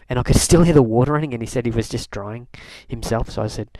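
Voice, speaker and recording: A young man from Canada talks through his day in a loose, meandering way, circling back with fillers and restarts as he tells the story with a wry edge. His voice sits at an ordinary middle pitch and the recording is close and dry, with no room around it. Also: fast, hardly any pauses, warm tone, dry recording. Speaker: video blogger. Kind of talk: casual rambling diary talk.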